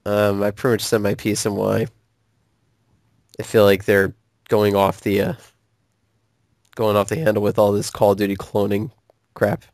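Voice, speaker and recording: Excitable man ranting, swearing and laughing. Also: on the low side, moderate pace, long pauses, no echo, clean studio sound. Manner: animated, swears freely, laughs often. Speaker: co-host of a gaming channel. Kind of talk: casual ranting chat with a friend.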